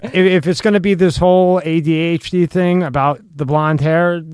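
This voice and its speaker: A man's voice: on the high side, fairly even intonation, normal speed, darkish tone, clear, resonant tone, no echo, clean studio sound. A man on a podcast who jokes around, swears and asks blunt questions in casual chat. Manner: joking, questioning, profane.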